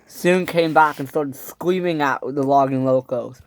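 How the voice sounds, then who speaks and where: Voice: medium pitch, unhurried, a little hiss or hum. A narrator telling a toy train story in a dramatic storytelling style, switching into character voices. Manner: dramatic, breaks into character voices and sound effects.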